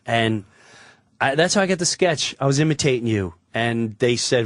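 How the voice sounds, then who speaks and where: A man, a guest comedian, telling an animated anecdote on a talk show, swearing freely and acting out the voices. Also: mid-range voice, moderate pace, no room sound, clean studio sound. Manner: excitable storyteller, swears freely, acts out voices.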